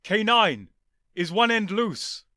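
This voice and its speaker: A man's voice: high-pitched, expressive, takes it slowly, dry recording, studio quality, pitched above the performer's own voice, heavily acted. A man doing the Doctor, urgent Time Lord. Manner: shouts urgent commands. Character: urgent, quick-thinking male Time Lord hero. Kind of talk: audiobook reading.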